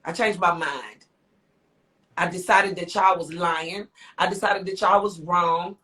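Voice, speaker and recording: This woman speaks unhurriedly in a lowish, steady voice that is bright and forceful. As a singer and author guesting on a live interview, she gives rambling, heartfelt, emotional answers, repeating herself and exclaiming.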